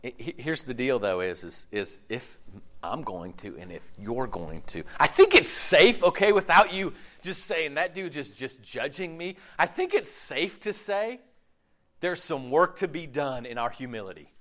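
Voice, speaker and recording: A man's voice: mid-range voice, animated, unhurried, fairly bright tone. A male pastor preaching a sermon in a casual, joking, slangy way.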